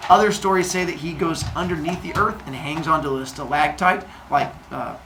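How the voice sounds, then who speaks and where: A man's voice: on the high side, fairly quick. A man telling a myth to kids in a playful, goofy way, with silly sound effects. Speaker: storyteller, podcast host. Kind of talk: animated myth storytelling for kids. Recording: echoey room with faint noise.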